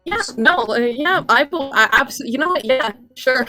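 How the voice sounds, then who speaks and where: A woman's voice: sits high, lively intonation, normal speed, bright, forceful tone, faint music behind. A woman chatting as a player in a tabletop game, hesitant and giggly, stumbling over her words. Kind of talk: casual tabletop chat.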